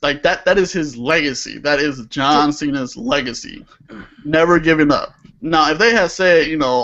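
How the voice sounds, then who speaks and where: A young man with a slightly high voice, co-hosting a wrestling-style chat podcast. He talks animatedly, laughs easily and swears when something annoys him. The audio is muffled and lo-fi. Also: moderate pace, pushed and bright. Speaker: podcast co-host. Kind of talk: casual chat.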